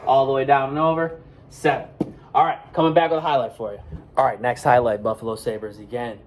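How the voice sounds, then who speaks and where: A man teaching kids a math board game, talking loudly and playfully. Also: medium pitch, a little fast. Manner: loud, excitable, playful.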